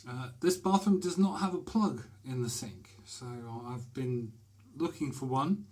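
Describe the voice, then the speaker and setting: A man's voice: mid-range voice, measured pace, darkish tone. A man talking casually to camera in a small bathroom, chatty and hesitant, with many fillers as he describes a shaving brush. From Britain. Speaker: shaving vlogger.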